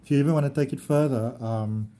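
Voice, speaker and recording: A warm, mellow-voiced man, reading tarot for his viewers. He talks in a chatty, wandering way, affectionate and quick to chuckle, with his pitch sitting right in the middle for a man. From South Africa. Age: early 40s. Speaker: tarot reader. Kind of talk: casual tarot reading vlog.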